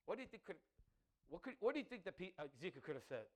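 A male preacher with a notably high voice delivers an animated sermon. He swings from loud, emphatic exclamations to quiet, conversational asides, often checking in with the congregation. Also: racing.

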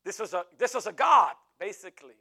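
A man preaching a sermon in an animated way, with jokey asides. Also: high-pitched, fairly quick.

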